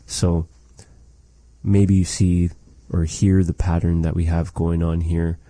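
A man teaching a language lesson, saying phrases slowly and carefully and repeating them for learners. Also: deep voice, flat delivery, dark tone, dry recording.

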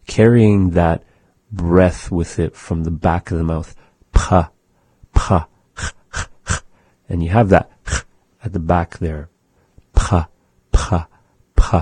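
Patient male language teacher, husky and dry, sounds things out. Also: low-pitched, mellow, no room sound. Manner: slow, patient, demonstrates sounds aloud. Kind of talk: radio language lesson.

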